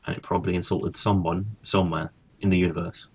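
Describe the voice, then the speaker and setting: A man's voice: sits low, level tone, fast, a little mellow, husky. A man casually commentating his own gameplay, thinking aloud and swearing now and then. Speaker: gaming streamer.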